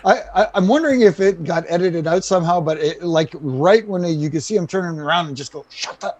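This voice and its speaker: A man's voice: a little high, fairly quick, no room sound. A middle-aged man telling stories as a guest on a video call podcast, acting out quotes and peppering his speech with "you know.". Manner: animated, acts out quotes, frequent "you know". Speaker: guest, retired referee. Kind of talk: casual storytelling on a podcast.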